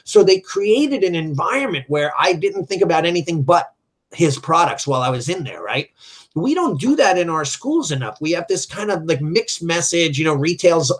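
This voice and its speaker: A middle-aged man who runs a martial arts school, telling business stories in a lively way and acting out the dialogue. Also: on the high side, moderate pace. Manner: animated, acts out quoted dialogue. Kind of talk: storytelling in a business chat.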